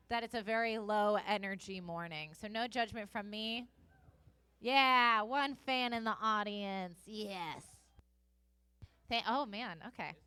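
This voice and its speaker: Woman, derby play-by-play host, chatty and self-correcting, voice bright and a touch high. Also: slow, clean tone, dry recording. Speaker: roller derby commentator. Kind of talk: live play-by-play commentary.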